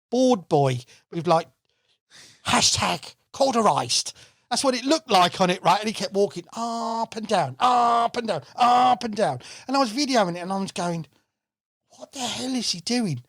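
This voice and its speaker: A man, a guest angler on a podcast, telling stories in a casual, animated way, swearing freely and acting out what people said. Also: high voice, no echo, studio quality. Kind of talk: casual storytelling chat. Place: podcast studio. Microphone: studio mic.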